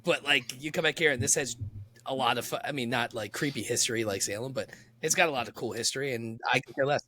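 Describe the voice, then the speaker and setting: A man co-hosting a podcast in casual chat, excitable and quick to laugh and curse. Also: medium pitch. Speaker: podcast co-host.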